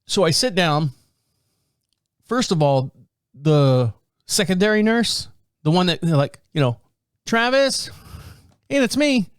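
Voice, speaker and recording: A man's voice: on the high side, unhurried, long pauses, clear, resonant tone, no echo, studio quality. A man hosting a podcast, telling a casual story, laughing often and acting out the voices of the people in it. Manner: animated, laughs often, acts out quoted voices. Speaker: podcast host.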